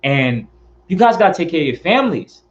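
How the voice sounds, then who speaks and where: A man's voice: on the high side, big pitch swings, fairly quick, dull audio. A man hosting his car channel, talking in an earnest, rambling, heartfelt way and repeating himself. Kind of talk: casual heartfelt vlog talk.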